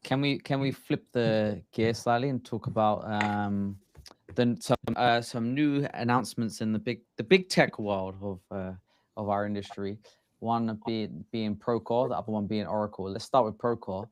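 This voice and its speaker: A man's voice: lowish voice, moderate pace, clear, resonant tone, no room sound. A man hosting a podcast, speaking hesitantly with many ums and restarts. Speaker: podcast host. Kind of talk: casual podcast chat.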